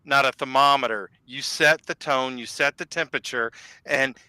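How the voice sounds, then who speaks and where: A man's voice: medium pitch, moderate pace, bright, forceful tone, no echo. A man chatting on a panel in an upbeat, encouraging way. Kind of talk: casual panel chat.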